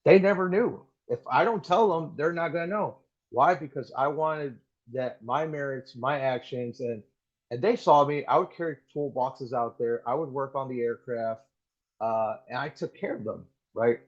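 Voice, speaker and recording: Swearing, animated man on muffled audio. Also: medium pitch, moderate pace. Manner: animated storytelling, heavy swearing, lots of "like" and "dude". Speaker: active-duty Marine guest. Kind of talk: casual podcast interview.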